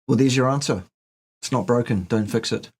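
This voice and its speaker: A man's voice: mid-range voice, fairly quick, darkish tone, breathy edge. A middle-aged man co-hosting a casual live question-and-answer chat, answering viewers bluntly and teasing them with jokes.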